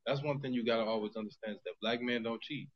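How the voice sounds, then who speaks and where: A man hosting a podcast in casual, joking chat, laid-back and quick to laugh. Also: medium pitch. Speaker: podcast host. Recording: lo-fi audio.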